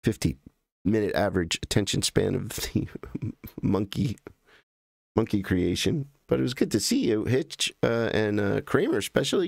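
An American man hosting a live stream, chatting casually and in a halting, rambling way as he greets viewers by name. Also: on the low side, animated, vocal fry, a little mellow, no echo, clean studio sound.

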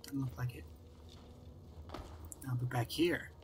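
In this casual let's-play, a male commentator speaks in a mid-range, somewhat dark voice with a steady tone and slow delivery. He makes wry, offhand remarks while gaming, frequently talking to himself and to the characters on screen, over slight background noise.

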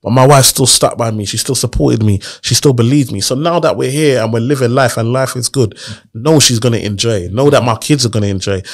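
A man's voice: medium pitch, brisk. A man tells his story in a casual interview, earnest and motivational, often asking rhetorical questions. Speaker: guest.

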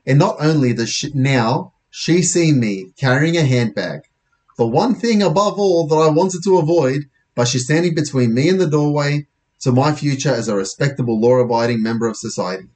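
Casting: male narrator, casual wry audiobook read, mid pitch. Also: expressive, normal speed, a little mellow. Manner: casual, self-correcting, wry. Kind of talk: first-person audiobook reading.

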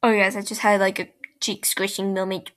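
A young woman reading a fan fiction aloud in first person, halting and restarting mid-sentence, and breaking off for chatty asides. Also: mid-range voice, level tone, a bit bright. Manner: breaks off for chatty, giggly comments.

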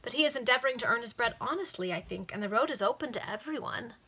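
A woman voicing a polite, earnest young gentleman. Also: on the high side, animated, fast talker, slightly rough, exaggerated voice.

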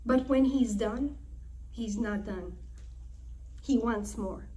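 A woman's voice: fairly high pitch, slow, warm tone. A woman teaching the Torah as a dramatic retelling, emphatic and full of repeated phrases. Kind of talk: dramatic retelling of a Bible story.

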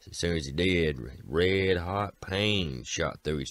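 Very deep-voiced man, Appalachian accent, folksy storyteller, dry close recording. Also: measured pace, few pauses, dry recording. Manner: folksy, repeats "said" often, voices characters. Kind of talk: folk tale storytelling.

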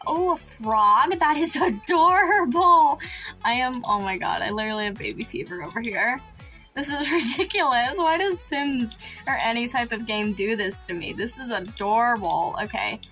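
A woman's voice: on the high side, bright, forceful tone. A woman hosting a let's-play gaming video, gushing over the game with frequent gasps, squeals and laughs. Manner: playful, breaks into laughs. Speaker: gaming channel host. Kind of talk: excited let's-play commentary.

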